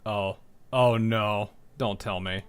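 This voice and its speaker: A man's voice: lowish voice, steady tone, slow, clear, resonant tone. A man streaming gameplay with commentary, who laughs often and exclaims. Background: game music.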